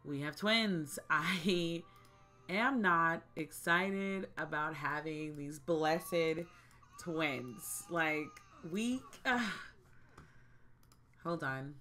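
A woman's voice: low-pitched, takes it slowly, sharp tone, faint music behind. A woman hosting a life-simulation gameplay video, chatting casually with her viewers, often exasperated and repeating herself. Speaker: gaming channel host.

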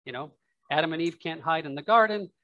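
A man's voice: on the high side, quick pace, no room sound, lo-fi sound. A man preaching a sermon in church, talking it through in a casual, musing way with asides. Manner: conversational, musing aloud with asides and laughs. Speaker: pastor.

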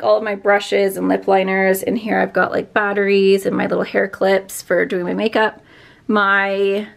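A woman vlogger talks her way around her bedroom filming room in a loose, upbeat, chatty way. Her mid-pitched voice carries a noticeable gravelly fry, and she leans on plenty of likes and ums as she goes. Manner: chatty, filler-heavy, upbeat. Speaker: beauty vlogger. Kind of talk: casual room tour.

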